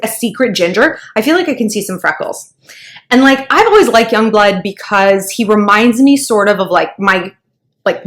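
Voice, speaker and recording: A woman's voice: mid-range voice, fairly bright tone. A woman hosting a dating advice vlog, chatting in a gossipy, casual way with lots of filler words. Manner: gossipy, chatty, heavy use of filler likes.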